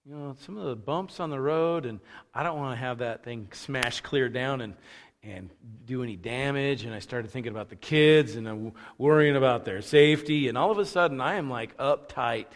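A man preaching a conversational sermon, casual and animated, acting out the thoughts he quotes. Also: mid-range voice, normal speed. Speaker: pastor. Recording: long reverb of a large hall.

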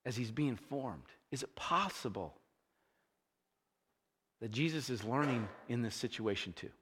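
A man delivers a sermon in a bright, forward voice. His pitch moves a lot as he retells the scene with growing energy. A long hall reverb trails every line. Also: measured pace, breathy edge. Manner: animated storytelling, acting out scenes with rising energy. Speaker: pastor.

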